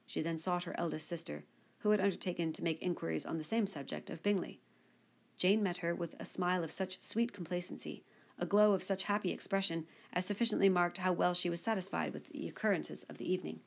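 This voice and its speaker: A woman narrating a classic novel in a measured, even reading. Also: lowish voice, gravelly. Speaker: audiobook narrator. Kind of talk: scripted narration.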